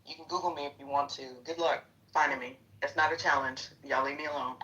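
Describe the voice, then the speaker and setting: A woman's voice: low voice, fairly even intonation, fast, bright, forceful tone, distant mic, muffled recording. A middle-aged woman chatting casually in a live audio room, blunt, profane and ready to call people out. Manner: confrontational when calling someone out. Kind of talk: casual chat.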